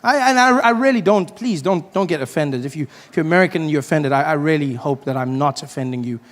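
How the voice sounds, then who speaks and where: High-voiced man doing stand-up. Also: lively intonation, fast, big-room sound. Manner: playful, acts out characters with loud shouting voices. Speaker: stand-up comedian. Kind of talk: stand-up comedy set. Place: comedy venue with live audience.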